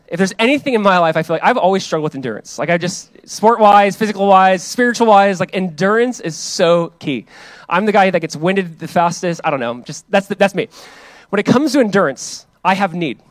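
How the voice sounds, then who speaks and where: Pastor, thirties, man. Casual, energetic sermon delivery, fairly high pitch, dry sound. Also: brisk, no echo. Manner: casual, energetic, repeats and restarts phrases. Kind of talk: sermon with prayer. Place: church hall.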